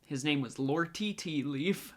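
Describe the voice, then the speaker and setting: A man's voice: fairly high pitch, a little slow. A man hosting a podcast, chatting casually and laughing often. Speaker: podcast host. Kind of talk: casual chat.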